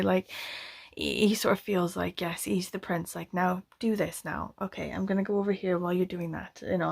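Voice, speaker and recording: A woman book vlogger retelling history in a loose, chatty way, full of fillers and self-deprecating asides, sometimes dropping into hushed whispers. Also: mid-range voice, gravelly, slightly rough.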